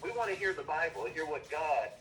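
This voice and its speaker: A middle-aged man teaches his children scripture by phone, preachy, stern and scolding. He speaks briskly in a slightly high voice with lively intonation and a fairly bright tone, while the recording comes across as distant and echoey with some faint noise.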